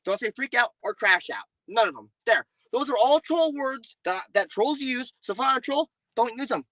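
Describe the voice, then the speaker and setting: A young man in a heated voice chat argument, loud and defensive, swearing and repeating himself. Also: very high voice, sing-song, normal speed, dry recording, rough recording. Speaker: player in voice chat.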